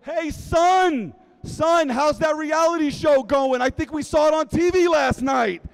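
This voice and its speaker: A loud, mocking older father ribs his son about his side project, his voice pitched up high and pushed forward, as a man acts him out in a story. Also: very animated, fast, big-room sound, low-quality recording. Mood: teasing.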